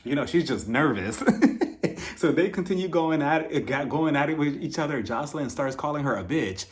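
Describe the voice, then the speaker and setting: A man giving a casual, expressive recap of a reality TV episode, opinionated and full of "like" and "you know". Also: on the high side, brisk. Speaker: reality TV reviewer.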